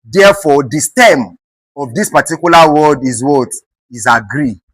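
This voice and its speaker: An English teacher with a Nigerian accent runs an exam-prep lesson in an expressive, medium-pitched, fairly bright voice. The teacher keeps asking the class "what?" and answering it, spelling words letter by letter and repeating them slowly. The recording is dry but low in quality.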